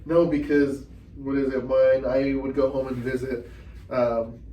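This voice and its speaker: A man's voice: medium pitch, flat delivery, unhurried, dark tone. A young man as a guest on a student podcast, talking loosely with lots of slang. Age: young adult. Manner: laid-back, loose slangy talk, "dude" and "man" often. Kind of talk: casual chat. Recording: roomy sound, mic at a distance, faint noise.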